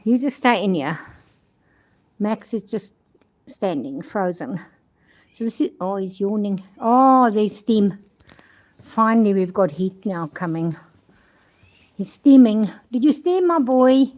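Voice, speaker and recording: A woman's voice: mid-range voice, expressive, takes it slowly, long pauses, darkish tone. An older woman from South Africa chatting casually in a vlog outdoors at a horse stable, rambling and talking fondly to her horses, recorded on a handheld phone. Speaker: vlogger.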